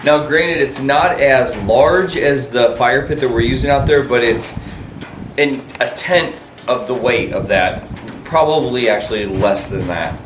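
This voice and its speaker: A man reviewing outdoor gear in casual chat, relaxed and laughing often, recorded outdoors at a campsite. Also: mid-range voice, measured pace, roomy sound, background noise.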